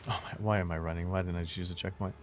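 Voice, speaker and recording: A low-pitched man chats casually while he plays, musing aloud about his choices. His voice sounds dry and worn, and steady noise hums behind him. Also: rapid-fire. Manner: laid-back, musing aloud. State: parched, losing his voice. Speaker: streamer. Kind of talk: casual gameplay commentary.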